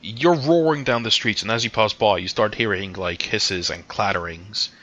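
A man's voice: on the low side, moderate pace, fairly bright tone. A man narrating a tabletop role-playing game as game master, describing scenes with hesitant fillers.

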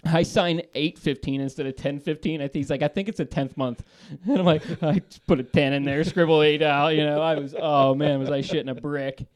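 Animated storytelling man, a bit high. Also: brisk, hardly any pauses. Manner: animated, laughing, swearing, stumbling restarts. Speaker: caller. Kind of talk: casual storytelling.

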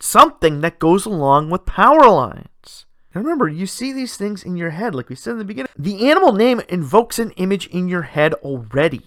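Animated, bright-voiced male podcast host. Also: on the high side, dry recording, clean studio sound. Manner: animated, emphatic, swears casually. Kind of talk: solo podcast monologue.

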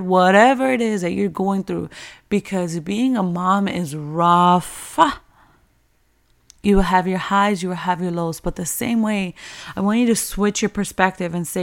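A woman's voice: mid-range voice, normal speed, creaky. A woman giving an earnest, repetitive motivational faith talk to single mothers, urging them again and again not to give up. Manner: earnest, repetitive, preacher-like exhortation. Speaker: faith encourager for single moms.

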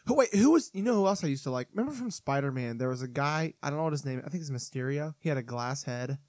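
A man's voice: mid-range voice, lively intonation, darkish tone, dry recording, clean studio sound. A man co-hosting a podcast, trading jokes in a casual chat. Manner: joking, fast-talking. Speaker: podcast co-host.

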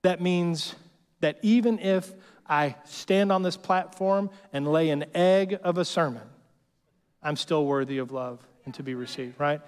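A man's voice: fairly high pitch, measured pace, smooth. A male pastor preaching a sermon in a casual, joking way, often checking in with the congregation with "right?". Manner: conversational and joking, peppered with "right?". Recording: long hall reverb.

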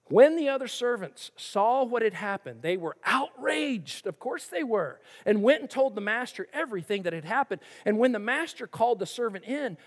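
Lively preacher in a reverberant hall. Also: mid-range voice, normal speed, few pauses. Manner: animated, acts out quoted voices and asks rhetorical questions. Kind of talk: sermon with scripture reading.

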